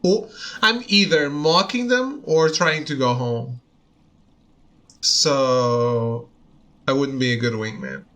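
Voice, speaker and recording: A man's voice: medium pitch, slow pace, long pauses, fairly bright tone. A young man chatting casually while streaming a game, joking and self-deprecating and laughing often. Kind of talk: casual chat over gameplay. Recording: faint game music behind. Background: game music.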